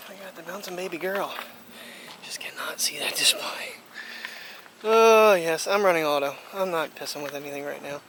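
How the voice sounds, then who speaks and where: A daily vlogger walks a puppy through a breezy park playground, chatting casually and talking playfully to the dog while filming on a phone. The voice is mid-range at a moderate pace, and the outdoor audio clearly picks up wind, rustling leaves and passing vehicles.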